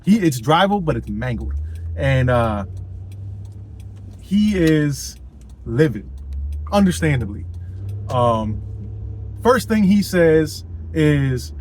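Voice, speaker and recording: A man's voice: on the high side, sing-song, slow pace, pauses often, darkish tone, slight background noise, low-quality recording. A man telling a personal story in a casual vlog, rambling and swearing, with lots of fillers and "you know what I mean.".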